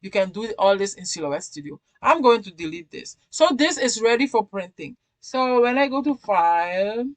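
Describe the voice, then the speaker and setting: A woman hosting a casual craft software tutorial who talks chattily, repeats herself and keeps checking in with the viewer. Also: mid-range voice, animated, normal speed, hardly any pauses, dry recording.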